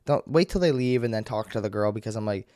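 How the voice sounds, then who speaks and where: A man's voice: lowish voice, fast, no echo, clean studio sound. Profane young man telling a story. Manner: profane, animated, acts out yelling in quotes. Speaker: vlogger. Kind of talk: casual storytelling rant.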